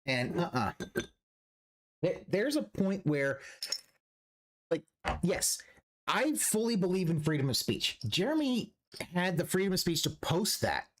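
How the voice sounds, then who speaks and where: A man's voice: sits high, sing-song, measured pace, pauses often. A man streaming a reaction, ranting profanely and restarting his sentences as he goes. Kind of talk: livestream reaction commentary.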